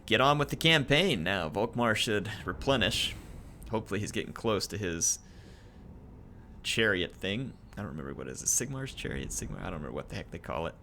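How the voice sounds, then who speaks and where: A man commentating his own strategy game play in a chatty, excitable way, cheering at big moments. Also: lowish voice, brisk, a little hiss or hum. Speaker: gameplay commentator. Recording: game music behind the voice.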